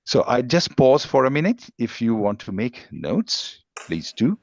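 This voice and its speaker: Speaking at a measured pace, this guest speaker, an English teacher with a gravelly, medium-pitched voice, runs a live speaking-skills workshop. His explanations are steady, and he leans on individual words to demonstrate. The recording is dry, with the highs cut off.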